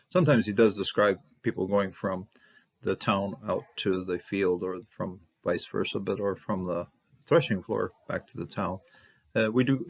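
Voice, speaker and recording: A man's voice: lowish voice, creaky, muffled recording. A man teaching a verse-by-verse Hebrew Bible lesson, rambling with many fillers and restarts.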